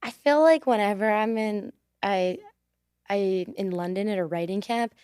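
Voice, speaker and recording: With a mid-range, slightly mellow voice and a measured pace, a young American woman, a singer, talks casually as a studio podcast guest. She is chatty, laughs frequently and keeps repeating thank you. The tone is clean and the recording dry.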